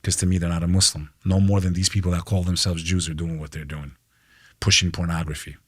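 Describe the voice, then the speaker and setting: A middle-aged American man speaks with fierce conviction on a podcast, his voice sitting low and steady. He punches his points hard, curses freely and keeps calling his listener "bro". The sound is close and dry, with no room in it. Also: fast, slightly rough, no room sound. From United States. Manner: heated, emphatic, profane, keeps saying "bro". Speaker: podcast guest. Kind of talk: impassioned podcast talk.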